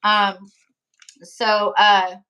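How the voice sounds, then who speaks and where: Extremely slow and mid-range in pitch, a woman tarot reader's voice grows rough and hoarse as she chats live with her audience. She rambles in a relaxed way, laughs and uses "like" frequently, and keeps interrupting herself to greet and thank people in the chat by name.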